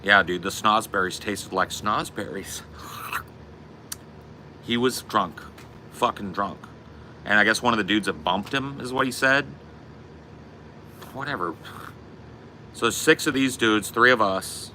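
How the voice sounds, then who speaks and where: Foul-mouthed bright-voiced male storyteller. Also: lowish voice, unhurried, pauses often, slight background noise. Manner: profane, laid-back, animated storytelling. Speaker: podcast host. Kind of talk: casual chat, storytelling.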